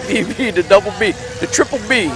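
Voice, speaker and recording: A man commenting live on a demolition derby in an excitable, stumbling way. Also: sits high, a little fast. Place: outdoor demolition derby track. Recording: loud engine and crowd noise outdoors.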